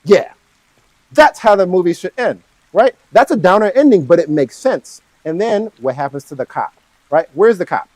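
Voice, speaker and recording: A man's voice: sits high, animated, normal speed, darkish tone, dry recording, rough recording. A man casually retelling and reworking a film's plot, rambling, with lots of "like" and "right?". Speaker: study vlogger.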